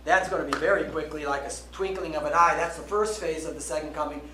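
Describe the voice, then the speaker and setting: High-voiced preacher in an echoey hall. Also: male voice, sharp tone, a little hiss or hum. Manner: emphatic, frequent "okay?" check-ins, slows down to stress key words. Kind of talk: sermon. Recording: roomy echo, voice from a distance, faint background ambience.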